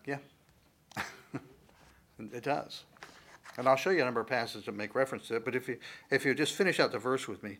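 A male pastor teaching a sermon from the Bible in a conversational way, building to loud, emphatic stresses on key words. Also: mid-range voice, a little fast, pauses often.

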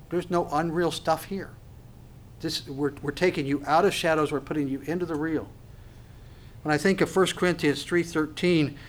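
A man delivers a sermon in a high, ringing voice. He preaches with passion, dropping into short acted-out exchanges between God and his listeners. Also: slight background noise. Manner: impassioned, acts out dialogue with God.

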